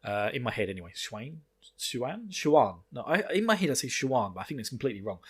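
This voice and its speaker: A man's voice: mid-range voice, very animated, fairly bright tone, breathy edge. A man hosting a podcast, recapping a book chapter in casual chat, rambling and laughing, with the odd swear. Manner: rambling, laughing, swearing, quick acted quotes. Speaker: podcast host.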